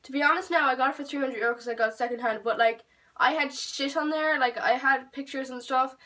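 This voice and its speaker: A young woman rambling through a storytime vlog at home, swearing freely and getting animated. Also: sits high, fast. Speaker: vlogger. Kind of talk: storytime vlog, casual chat. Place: home room. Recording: voice a bit far from the mic.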